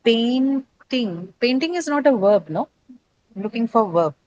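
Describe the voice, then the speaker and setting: A woman's voice: a little high, very animated, normal speed, darkish tone, no echo, muffled recording. Woman teaching an online class, dry sound. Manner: patient, explains step by step, many tag questions. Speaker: English teacher.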